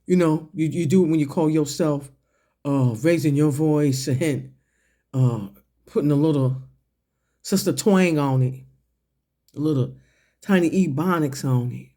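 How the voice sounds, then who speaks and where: An online commentator with a mellow, high-leaning voice delivers a profane, confrontational rant to camera. Speaking slowly and deliberately, he mocks someone and questions them point by point with pointed questions.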